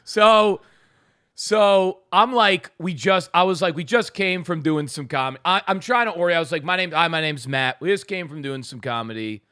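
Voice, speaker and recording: A man spins a story on a comedy podcast, acting out his own lines with an animated, laughing delivery. His voice is bright and forceful, sitting a little high. The sound is close and dry. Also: normal speed, clean tone, no room sound. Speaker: podcast co-host.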